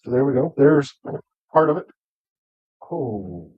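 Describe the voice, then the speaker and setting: A man's voice: medium pitch, lively intonation, slow pace, dry recording. A man co-hosting a home cooking livestream, laid-back and wry, explaining as he mixes a cocktail. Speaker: cooking show co-host. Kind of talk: casual livestream cooking chat. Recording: dull lo-fi stream audio.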